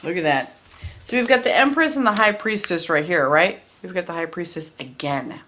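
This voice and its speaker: A woman's voice: fairly low pitch, animated, moderate pace, a bit bright, a little hiss or hum. A woman doing a casual tarot card reading, chatty and blunt, who often repeats her phrases and swears freely. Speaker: tarot reader.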